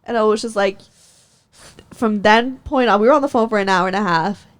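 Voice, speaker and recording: A woman's voice: medium pitch, brisk. A young woman hosting a podcast, telling a story in casual chat, heated and profane, laughing often. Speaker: podcast host.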